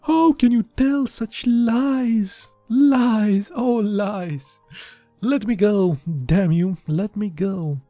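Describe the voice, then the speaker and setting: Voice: mid-range voice, lively intonation, measured pace, creaky, warm tone, no echo, soft background music. A reader voicing a heartbroken young widow. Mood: anguished. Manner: pleading, tearful outbursts. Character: grieving young woman, bitter and heartbroken. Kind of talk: audiobook dialogue.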